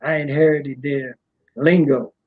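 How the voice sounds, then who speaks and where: Guesting on a casual interview, a middle-aged D.C. music promoter talks a little slowly in a steady, somewhat high-pitched voice. His soft drawl and loose, rambling talk are thick with "you know," heard through a muffled, dull, low-fidelity recording.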